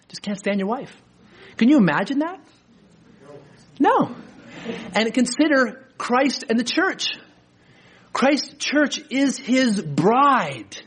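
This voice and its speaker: Husky-voiced man preaching a sermon. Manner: earnest preaching with swings from low to emphatic. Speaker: pastor. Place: church.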